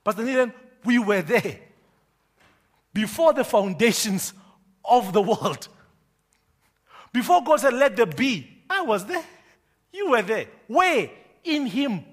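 A man pastor preaching a sermon, emphatic and forceful, constantly quizzing the congregation with repeated questions. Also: extremely high pitch, very animated, takes it slowly, long pauses.

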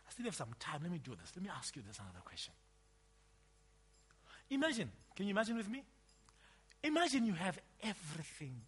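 Animated, high-voiced male preacher. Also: quick pace, long pauses, husky. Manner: emphatic, swings from loud outbursts to quiet asides. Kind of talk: sermon.

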